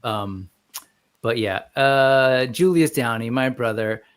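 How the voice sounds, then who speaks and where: A man's voice: medium pitch, slow pace, smooth. A man in his forties hosting a casual livestream, chatting loosely and greeting viewers by name as he reads the live chat. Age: 40s. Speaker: host.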